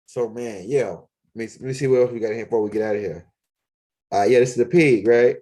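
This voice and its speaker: Walking around his home and backyard, a video blogger rambles in loose, profane street talk packed with fillers. His mid-range voice is mellow and steady in tone, and he speaks a little fast.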